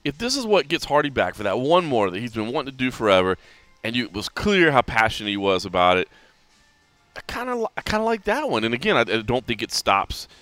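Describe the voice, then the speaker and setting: Fast, lively man hosting. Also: medium pitch, no room sound. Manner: animated, talks fast with many restarts. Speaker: podcast host. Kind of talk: casual sports chat.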